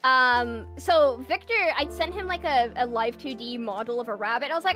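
A woman guest chatting while gaming, excitable, telling stories and explaining the game. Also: fairly high pitch, normal speed, hardly any pauses, faint music behind. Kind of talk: casual chat while gaming.

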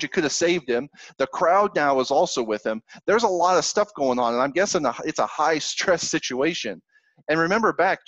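A man's voice: on the high side, fairly bright tone, dry recording, low-quality recording. A man preaching a sermon, reading scripture aloud and explaining it in an earnest, conversational way. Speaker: pastor.

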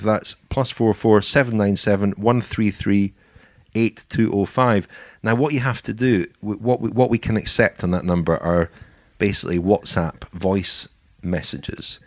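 A man's voice: fairly low pitch, moderate pace, no echo. A man co-hosting a podcast in casual chat, with a wry, dry sense of humor. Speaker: podcast co-host.

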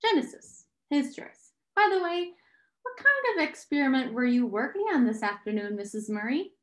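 A woman's voice: sits high, animated, moderate pace, a bit bright, echoey room, voice pushed up. Blunt teasing teen boy, as a woman reads him. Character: brusque teenage boy, friendly and teasing.

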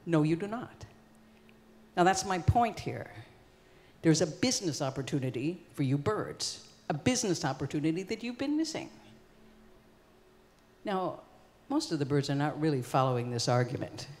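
On a concert hall stage, a performance artist in her sixties recounts an old story in a relaxed, chatty way, leaning on "you know" and "like." Her voice is deep and darkish with a sing-song lilt at normal speed, wrapped in long hall reverb.

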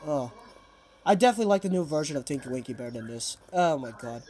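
A man's voice: a little high, lively intonation, fairly quick, a little mellow, a little hiss or hum. A young man giving casual gaming commentary, jittery and breaking into panicked outbursts. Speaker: game player.

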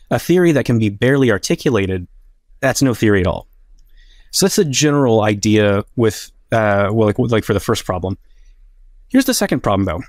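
A man's voice: medium pitch, no echo, studio quality. A man making a philosophical case in a debate, talking casually with many filler words. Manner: casual, filler-heavy with frequent "like". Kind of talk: academic debate argument.

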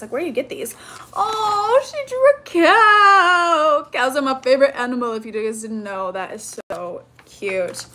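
A young woman YouTuber with a higher-pitched voice unboxes fan mail in a casual chat, gasping and squealing over the gifts. She keeps repeating "oh my gosh" and "so cute," and a little hiss or hum sits under the recording.

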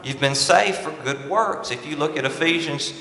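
A pastor preaches with a bright, forceful voice, pitched a little high for a man. He hammers his points through repetition, and his words ring out through a large, reverberant church sanctuary. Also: moderate pace. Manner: emphatic preacher, repeats and stresses key phrases. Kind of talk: sermon. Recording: echoey church hall with long reverb.

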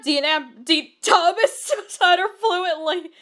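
A woman's voice: sits high, animated, moderate pace. A woman reading fan fiction aloud with comic commentary; she laughs often and stumbles over words.

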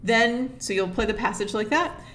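A woman string teacher explaining practice methods step by step in a steady, methodical way. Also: on the high side, normal speed. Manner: methodical, steady, breaks steps down one at a time; sings rhythms on nonsense syllables to illustrate. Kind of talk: instructional explanation to camera.

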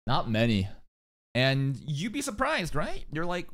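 A man reacting to a video with casual commentary, animated and profane, rambling with many fillers. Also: fairly high pitch, unhurried. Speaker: reaction streamer.

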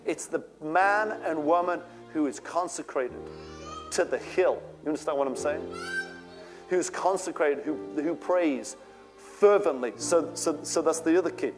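A man's voice: fairly high pitch, unhurried, over music. A male pastor preaching a sermon with fervent, rising outbursts.

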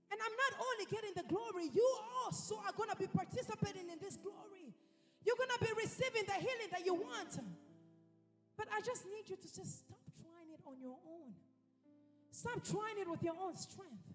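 A woman preacher delivering a sermon with emphasis, repeating her phrases for effect. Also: very high voice. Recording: reverberant hall with faint music.

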